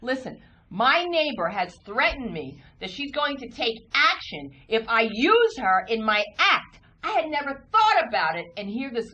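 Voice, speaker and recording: A woman co-hosting a TV talk show, telling comic stories in an animated way and acting out voices. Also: fairly high pitch, normal speed, hardly any pauses, muffled recording. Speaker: talk show co-host and comedian. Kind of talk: comic storytelling chat. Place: TV studio.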